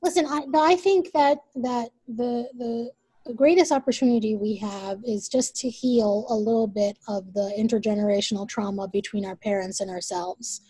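High-voiced animated woman in her forties. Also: moderate pace, slightly rough, dry recording. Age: 40s. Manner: emphatic, swears freely, animated. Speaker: guest, event leader. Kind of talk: personal storytelling in conversation.

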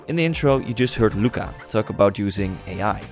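Male podcast host, scripted intro, low gravelly voice, faint music underneath. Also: expressive, a little fast.

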